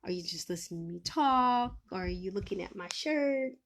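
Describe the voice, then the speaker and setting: A woman's voice: mid-range voice, expressive, moderate pace. Chatty woman teasing her live viewers. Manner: chatty, teasing, laughs often, swings loud and soft. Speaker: live-stream host. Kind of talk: casual live-stream chat with viewers.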